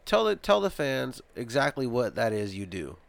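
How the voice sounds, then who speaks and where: A man's voice: mid-range voice, sing-song, normal speed, gravelly, no echo. A man hosting a podcast, crude and teasing, who keeps cutting in with questions. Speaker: podcast host. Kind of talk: casual banter on a podcast.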